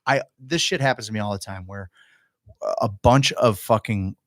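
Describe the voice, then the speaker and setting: A man's voice: fairly low pitch, moderate pace, fairly bright tone, slight background noise. A man on a podcast telling a long, emotional story, swearing heavily and acting out his own past thoughts. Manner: heavy swearing, emotional and rambling. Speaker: podcast guest.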